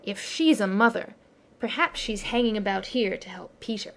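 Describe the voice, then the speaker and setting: A woman's voice: medium pitch, lively intonation, normal speed, lightly acted. A woman doing a suspicious pirate crewman. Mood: wary. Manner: wary, doubtful. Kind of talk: audiobook character reading.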